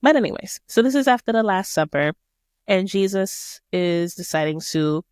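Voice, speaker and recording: A woman's voice: medium pitch, lively intonation, moderate pace, darkish tone, clear, resonant tone, dry recording, studio quality. A woman hosting a podcast, walking listeners through a Bible passage in a casual, slangy, emphatic way. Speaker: podcast host. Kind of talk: casual Bible study talk.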